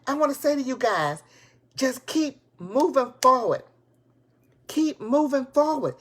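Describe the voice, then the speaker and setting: A woman giving a live motivational talk to her viewers, excited and preachy, repeating her points and speaking in casual, folksy grammar. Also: high-pitched, measured pace, slightly rough. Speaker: motivational speaker and business coach. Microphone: tablet device.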